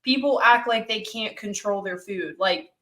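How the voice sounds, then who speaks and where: A woman's voice: medium pitch, moderate pace, bright, forceful tone. A woman hosting a podcast who also coaches clients, talking frankly and emphatically with lots of "like". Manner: emphatic, frank, uses many "like"s. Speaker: podcast host; fitness coach. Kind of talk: casual podcast conversation.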